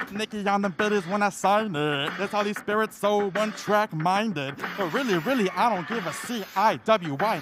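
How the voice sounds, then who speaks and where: A man's voice: sits high, background noise. A man performing a brash, rhythmic rap as a pageant contestant.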